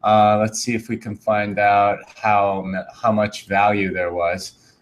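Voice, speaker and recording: A man's voice: lowish voice, little pitch movement, slow pace. A man on a remote livestream panel, chatting casually and thinking aloud with many hesitations.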